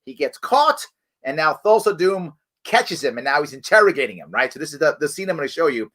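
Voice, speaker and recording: A middle-aged man hosts a live online show. His voice is bright and sits high. He talks conversationally, with emphatic asides and frequent "right?"s. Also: big pitch swings, a little fast. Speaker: show host.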